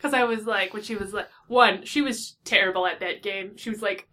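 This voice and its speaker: A woman with a bright, clear voice of middle pitch, co-hosting a casual chat. She is chatty, acts out quoted lines and laughs often. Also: steady tone, brisk.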